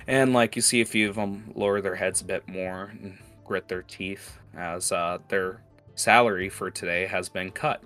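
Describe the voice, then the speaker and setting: A man's voice: deep voice, fairly even intonation, moderate pace, fairly bright tone, faint music behind. A man narrating a tabletop game as game master in a rambling style full of fillers. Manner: rambling, filler-heavy, laughing.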